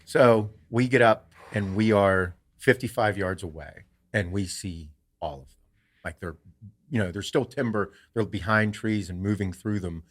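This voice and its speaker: A man with a slightly low voice tells a story to his podcast co-host. He talks casually and with animation, and he swears constantly. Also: measured pace.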